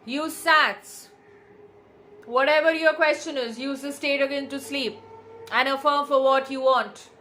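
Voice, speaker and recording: A woman talks to viewers live as a manifestation coach. Her voice sits a little high, and she drives points home by repeating lines with firm emphasis. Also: fairly even intonation, a little slow, sharp tone. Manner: emphatic, repeats affirmations insistently. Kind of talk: casual livestream Q&A.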